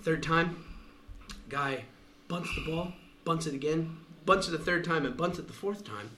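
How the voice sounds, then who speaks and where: A man's voice: fairly high pitch, normal speed, sharp tone, reverberant, slight background noise. A man telling a joke among friends, hesitant and repeating words. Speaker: joke teller.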